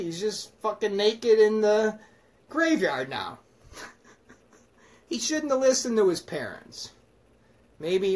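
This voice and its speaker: A man giving rambling, profane, joking commentary on scripture as a self-styled preacher. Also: on the high side. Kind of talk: irreverent comedic scripture commentary.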